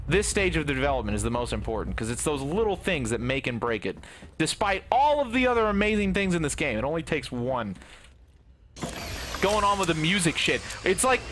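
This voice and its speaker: A man's voice: on the high side, a little hiss or hum. A young man livestreaming a game, talking casually with lots of swearing and ranting. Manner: profane, ranting, bursts into shouting. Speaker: gaming livestreamer.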